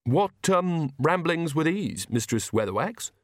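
A man's voice: fairly high pitch, lively intonation, a little slow, no echo, clean studio sound, voice pushed up. A man voicing an earnest, anxious young male priest in a storybook reading, hesitant and a little defensive. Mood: cautious.

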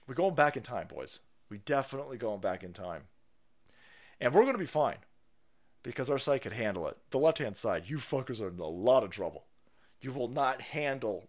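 A man's voice: medium pitch, moderate pace. A man hosting a livestream, ranting profanely about politics and reading out chat messages, often repeating himself. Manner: foul-mouthed, animated, repeats himself, reads chat aloud. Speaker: livestream host.

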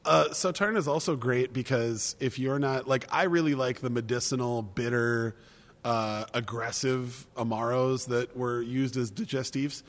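A rambling man co-hosts a casual tasting chat, swearing freely and laughing often. His voice sits at a middle pitch and trails into a long reverb tail. He talks loosely, with many restarts. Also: fairly even intonation, measured pace. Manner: rambling, profane, laughs easily. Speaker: podcast co-host.

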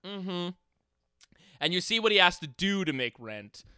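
A man's voice: high-pitched, very animated, a little slow, bright, forceful tone, clear, resonant tone, dry recording, clean studio sound. A man co-hosting a casual podcast, chatty and agreeable, laughing often. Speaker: podcast co-host. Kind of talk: casual chat.

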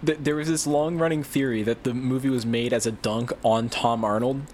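A man's voice: medium pitch, steady tone, brisk, a little mellow, slight background noise. A man co-hosting a podcast over a video call, laughing often as he chats. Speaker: podcast co-host.

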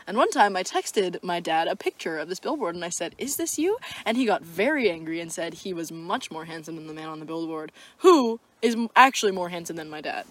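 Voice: medium pitch, brisk, hardly any pauses. Sarcastic young podcast co-host. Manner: sarcastic, animated storytelling. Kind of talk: casual chat.

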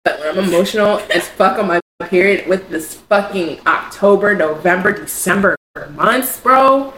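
A young woman co-hosting a podcast in casual chat, frank and expressive, swearing freely. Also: mid-range voice, moderate pace. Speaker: podcast co-host. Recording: echoey room, faint background noise.

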